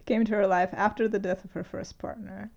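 Gravelly, mellow-voiced woman chatting casually. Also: mid-range voice, brisk, lo-fi sound. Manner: relaxed, laughs often, reads aloud from sources. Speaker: podcast co-host. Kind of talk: casual chat.

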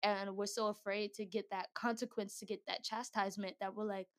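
Young woman, slangy faith talk to a group, laughs a lot, mid-pitched voice. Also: little pitch movement, a little fast. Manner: chatty, slangy, laughs often, acts out quotes. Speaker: speaker at a Christian gathering. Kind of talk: casual devotional talk.

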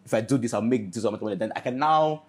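A man's voice: medium pitch, rapid-fire. A man in his twenties, a business owner and podcast guest, telling stories in an earnest, rambling way. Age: 20s. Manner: earnest, rambling storyteller with many restarts. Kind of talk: casual interview chat.

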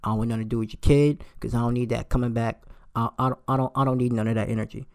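A man in his late twenties telling a heated storytime rant, emphatic and profane, his voice jumping high when he gets outraged. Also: fairly even intonation, racing, darkish tone, clean tone. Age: late 20s.

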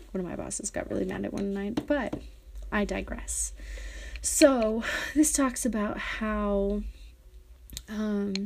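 A woman's voice: mid-range voice, creaky, darkish tone. A young woman hosting a solo podcast, chatting casually and reading articles aloud, rambling with many fillers and self-corrections. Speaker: podcast host.

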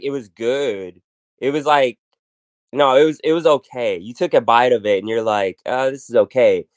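Here a man hosts a laid-back podcast, his medium-pitched voice captured without echo. He rambles through stories, stopping and restarting often and leaning on lots of fillers.

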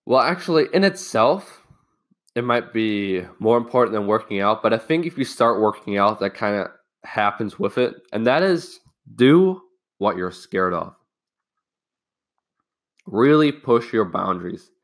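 A man's voice: lowish voice, expressive, a little slow. A young man hosting a casual self-help podcast, telling a personal story candidly and loosely, with some swearing. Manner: loose, rambling phrasing with restarts. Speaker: podcast host.

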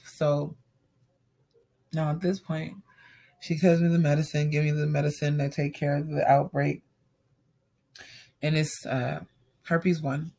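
A young woman recounts a personal story in a loose, casual monologue. Her voice is husky and breathy, with a gravelly fry running through it. She brings the conversations to life, acting out each line of the dialogue and leaning on "like" as she talks. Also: low voice, unhurried, long pauses. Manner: animated retelling, acts out quoted dialogue, frequent "like".

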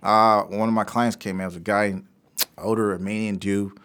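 A young adult man, an actor and podcast guest, telling animated, slangy stories in casual chat and swearing freely. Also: fairly low pitch, moderate pace, clear, resonant tone.

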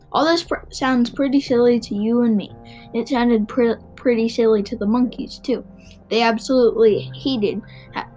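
A woman reading a children's book aloud, expressive, with small stumbles and restarts. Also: on the high side, low-quality recording. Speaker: narrator.

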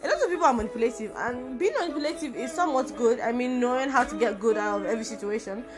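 A woman's voice: fairly high pitch, very fast, music in the background. A young adult woman hosting her own podcast, talking casually and informally, with playful asides. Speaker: podcast host. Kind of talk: casual solo podcast talk.

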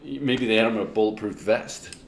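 A man's voice: on the low side, fairly quick, creaky, slight background noise. A man in casual chat, laid-back and casually profane.

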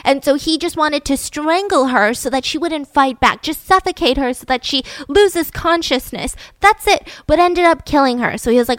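A woman's voice: sits high, expressive, normal speed, hardly any pauses, fairly bright tone, dry recording. A woman hosting a podcast, telling a true-crime story in a casual, emphatic way with lots of "like". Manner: chatty, emphatic, full of "like". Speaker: podcast host.

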